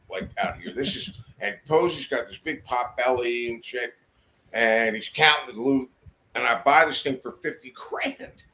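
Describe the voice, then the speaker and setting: Man, podcast guest, casual storytelling, swearing, bright voice. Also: medium pitch, slight background noise. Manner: profane, rambling anecdote with quoted dialogue. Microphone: studio podcast mic.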